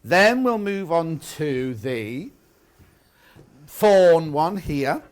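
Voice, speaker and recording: A man's voice: a little high, sing-song, very slow. A man presenting a live shopping channel show, chatty and upbeat with small jokes.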